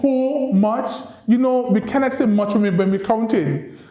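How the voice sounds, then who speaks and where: A man speaks with a high, mellow voice, giving a university lecture. He coaxes his listeners like a schoolteacher, and the room adds a roomy echo. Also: normal speed. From Saint Kitts and Nevis. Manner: lively teacherly delivery, coaxing the audience to repeat phrases. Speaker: ambassador giving a guest lecture.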